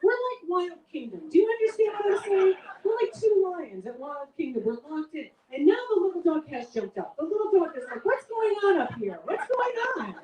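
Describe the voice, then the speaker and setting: A woman in her thirties doing stand-up as the show's host, her voice high yet mellow. She tells stories in animated bursts with laughs. The sound is roomy and echoey, caught from a mic set some distance away. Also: fairly quick, hardly any pauses. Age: 30s. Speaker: comedy show host. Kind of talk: stand-up comedy.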